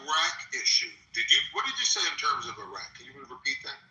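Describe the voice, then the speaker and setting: A man's voice: medium pitch, very animated, fast, bright, forceful tone, roomy sound, slight background noise, poor audio. A man hosting a political call-in show who argues with a caller, interrupts and presses hard for answers. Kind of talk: heated debate with a caller.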